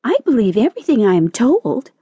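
A woman's voice: lowish voice, big pitch swings, a little slow, dark tone, slightly rough, no echo, highs cut off, heavily acted. A woman voicing a timid, anxious female green caterpillar in a storybook audiobook, plaintive and earnest.

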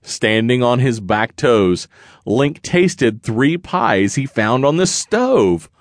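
A man's voice: medium pitch, very animated, slow, dry recording. A man narrating a rhyming children's picture book in a sing-song read-aloud manner. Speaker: audiobook narrator.

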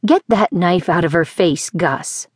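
A woman's voice: on the low side, unhurried, husky, no echo, studio quality. A woman voicing a bossy, scolding island lady. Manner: scolding, emphatic.

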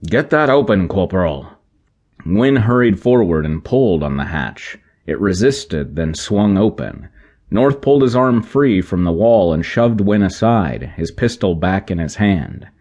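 A man narrating an action sci-fi audiobook in a measured, even way. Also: sits low. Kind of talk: scripted narration.

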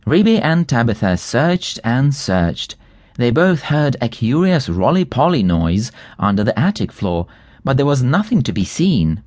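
A man narrating a children's storybook audiobook in a lively, expressive reading. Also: mid-range voice, unhurried, no room sound.

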